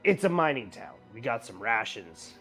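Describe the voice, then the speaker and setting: A man voicing a tall, gruff male hired guard who answers in short, dismissive lines. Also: medium pitch, sing-song, moderate pace, fairly bright tone, faint music behind, pitched below the performer's own voice. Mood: curt.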